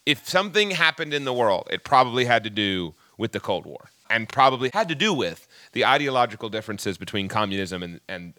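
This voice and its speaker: A man's voice: medium pitch, sharp tone, no room sound. A man with a Southern US accent co-hosting a podcast, joking around and explaining history with frequent ums. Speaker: podcast co-host. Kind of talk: casual podcast chat.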